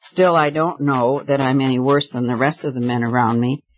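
A man's voice: mid-range voice, steady tone, moderate pace, close to an everyday voice. A man doing a moody young suitor. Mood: pleading. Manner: moody, pleading. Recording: slightly dull lo-fi recording.

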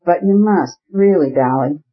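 A man's voice: on the high side, measured pace. A man reading the part of a guilty husband begging forgiveness, timid and tearful, in a muffled lo-fi recording. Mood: pleading. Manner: pleading, tearful. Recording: muffled lo-fi audio.

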